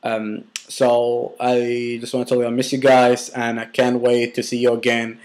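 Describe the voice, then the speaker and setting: A man's voice: medium pitch, monotone, normal speed, a little mellow. A young man casually telling a personal story, rambling with many restarts and filler words, and swearing bluntly.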